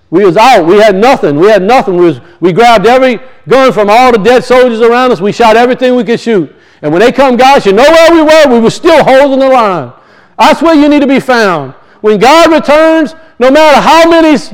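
A man preaching an impassioned sermon in a church, repeating phrases and swinging between loud emphasis and quiet. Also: very high-pitched, clean tone, low-quality recording. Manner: impassioned, repetitive, rising and falling emphasis.

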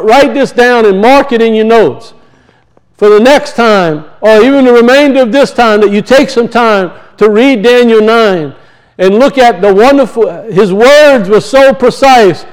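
High-voiced man preaching a sermon. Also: moderate pace, smooth, poor audio. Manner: emphatic and repetitive, calling out to the congregation.

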